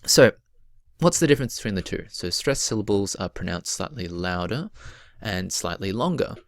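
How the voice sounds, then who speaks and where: A man teaching a recorded poetry lesson, explaining patiently and stretching out example words slowly. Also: fairly low pitch, sing-song, dry recording, studio quality.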